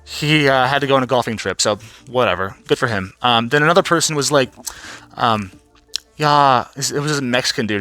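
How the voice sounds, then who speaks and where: Casual vlogger, man, rambling profane recap, bright tone, faint music under. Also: mid-range voice, fairly quick. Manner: profane, rambling, laughs often, mimics people.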